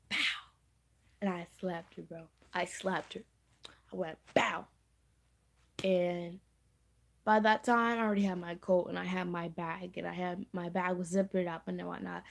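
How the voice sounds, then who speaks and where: A woman's voice: medium pitch, vocal fry, darkish tone. A teenage girl telling a storytime to camera in a chatty, slangy way, repeating her phrases. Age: teens. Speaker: storytime vlogger. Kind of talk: casual storytime vlog.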